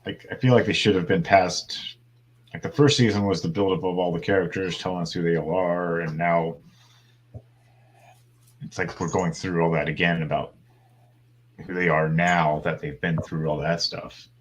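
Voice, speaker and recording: Low-voiced laid-back man chatting. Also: fairly even intonation, normal speed, slight background noise, low-quality recording. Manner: laid-back, rambling, dry sarcasm. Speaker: podcast co-host. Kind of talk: casual chat.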